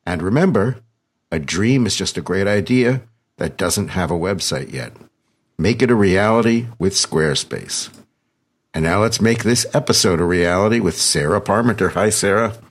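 A very deep man with a husky, slightly rough voice. He hosts a podcast with a loose, joking manner, poking fun at himself as he rambles. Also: expressive, moderate pace. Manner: jokey, rambling, self-deprecating. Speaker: podcast host. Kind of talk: conversational podcast interview.

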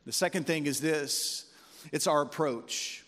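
A man's voice: fairly high pitch, a little slow, a bit bright. Folksy preaching man in a reverberant hall. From West Virginia roots, United States. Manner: folksy storytelling with call-outs to the congregation. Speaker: pastor. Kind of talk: sermon. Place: church hall. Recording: long reverb of a large hall.

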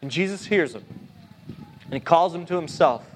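A man's voice: normal speed, a little hiss or hum. A man preaching a sermon in a casual, conversational way, reading scripture aloud and acting out the quoted lines. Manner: conversational, animated, voices quotes in a higher pitch.

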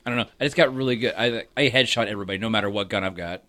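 A man's voice: on the low side, rapid-fire, sharp tone. A man in a casual podcast chat, laid-back, with dry humor.

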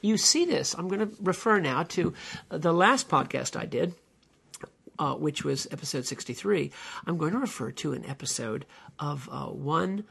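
Older guy in his 70s, gravelly husky voice, earnest podcast storytelling, lots of uhs. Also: on the high side, expressive, moderate pace, a bit bright. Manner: earnest, emphatic storytelling with many hesitations. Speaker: podcast host. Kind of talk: solo podcast monologue retelling a TV episode.

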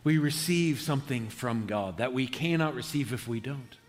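A man preaching a conversational sermon as pastor, earnest and halting, often restarting his sentences. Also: mid-range voice. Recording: long hall reverb.

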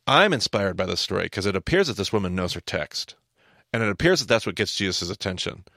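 Low gravelly man teaching the Bible. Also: fast, no room sound, clean studio sound. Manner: animated, explanatory, repeats words when starting a thought. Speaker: podcast teacher. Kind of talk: casual Bible teaching talk.

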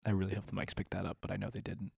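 A man's voice: low voice, monotone, very fast, creaky, a little mellow, slightly rough, no echo. Man narrating a dry, close comedy role-play. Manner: laughing, rambling, full of restarts. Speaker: game master.

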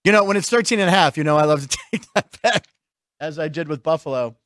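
A man's voice: a little high, animated, quick pace, a bit bright, no room sound. A man hosting a sports and comedy show, chatting casually and laughing often. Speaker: host.

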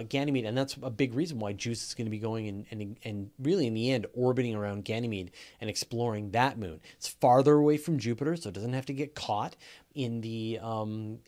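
A man's voice: mid-range voice, a little mellow. A man with a Canadian accent hosting a live question show, talking enthusiastically with many fillers and restarts. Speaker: podcast host.

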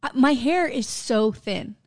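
A woman in her forties co-hosts a podcast with a fairly high-pitched voice. She chats casually, telling animated stories that are full of swearing. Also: a little slow. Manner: animated, profane storytelling. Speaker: podcast co-host. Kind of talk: casual chat.

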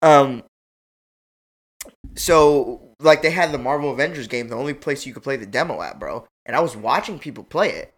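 A young man hosting a casual chat, telling an animated, slangy story and acting out quotes. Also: medium pitch, moderate pace. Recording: loud background noise.

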